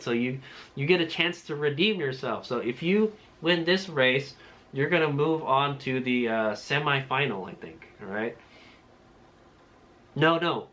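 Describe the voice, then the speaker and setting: A man's voice: on the high side, sharp tone. A man giving a casual, rambling recap of his race to viewers, full of fillers and tag questions. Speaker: motorcycle racer vlogger.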